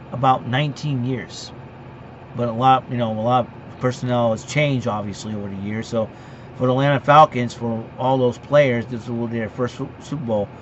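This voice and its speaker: A man hosting a solo sports show, ranting in a combative, repetitive way and speaking straight to rival fans. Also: mid-range voice. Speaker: sports podcast host. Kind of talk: opinionated solo sports rant. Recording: dull lo-fi recording with faint hum.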